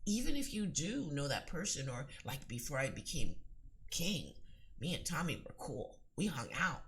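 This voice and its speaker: A woman's voice: low-pitched, sing-song, normal speed, fairly bright tone, a little hiss or hum. Earnest woman giving spiritual advice. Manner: earnest, emphatic, rambling with restarts. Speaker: psychic and spiritual teacher.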